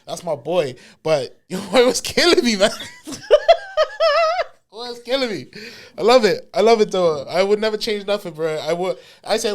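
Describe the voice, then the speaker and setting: Male podcast co-host, slightly higher voice, loose slangy storyteller who laughs easily. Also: moderate pace. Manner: animated, laughing, slangy storytelling with acted-out quotes. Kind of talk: casual storytelling chat.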